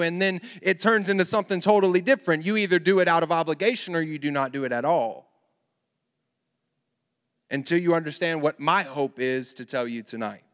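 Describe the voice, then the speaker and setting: A high-voiced man preaches with lively energy, tossing joking asides to his listeners. His voice rings through a long hall reverb. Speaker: youth pastor. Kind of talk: sermon.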